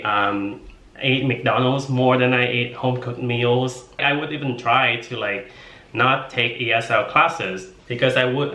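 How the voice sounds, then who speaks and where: A man's voice: mid-range voice, bright, forceful tone. A man in his twenties from Vietnam, talking casually and playfully to the camera as a vlogger, full of filler words. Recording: roomy echo.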